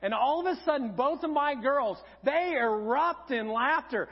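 A man preaching a sermon as pastor, telling humorous stories in an animated way in a church auditorium. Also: extremely high pitch, moderate pace, few pauses. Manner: humorous storytelling, animated and lively. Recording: dull sound in a reverberant auditorium.

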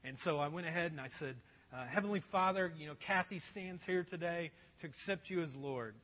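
A man pastor telling a story in a sermon, animated and poking fun at himself. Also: a little high, fairly quick. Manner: animated, self-mocking storytelling. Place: church auditorium. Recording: dull echoey hall recording.

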